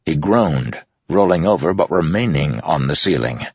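Male audiobook narrator, extremely deep and gravelly, measured and grave. Dry, dull recording. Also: lively intonation, no room sound. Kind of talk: scripted fantasy narration.

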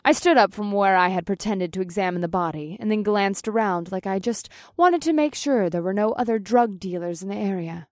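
A woman's voice: medium pitch, brisk, few pauses, no room sound, studio quality. A woman reading an audiobook in the first person. She is plain-spoken and swears casually. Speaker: audiobook narrator.

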